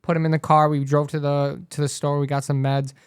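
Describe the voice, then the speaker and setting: A man's voice: on the high side, little pitch movement, brisk, smooth, dry recording, studio quality. A young man, a podcast co-host, telling a story in a loose, profane, rambling way. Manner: loose, swears constantly, trails off and restarts.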